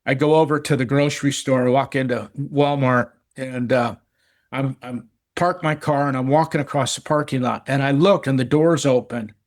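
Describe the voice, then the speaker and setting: Speaking at an ordinary pace in a mid-range voice with fairly even intonation, this middle-aged recovery podcast guest chats casually about his own recovery. He's earnest and frequently restarts sentences and repeats himself.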